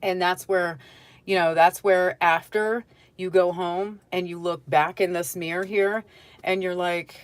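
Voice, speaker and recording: This tarot reader has a lowish voice with fairly flat intonation, speaking a bit slowly in a dry recording. Her reading is casual and chatty, aimed straight at the viewer with direct advice and a habit of asking "okay?" again and again.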